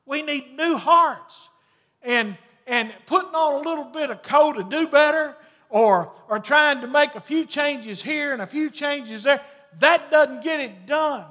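A man preaching a sermon as a pastor. He shifts between mocking, raised voices and quiet, low asides. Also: unhurried, long reverb tail.

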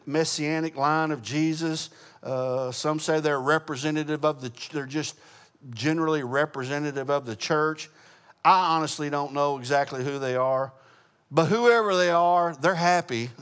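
A man teaching a Bible study in a relaxed, conversational way, asking the group questions as he goes. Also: on the high side, clean tone. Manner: casual, asks the group questions, frequent uh fillers.

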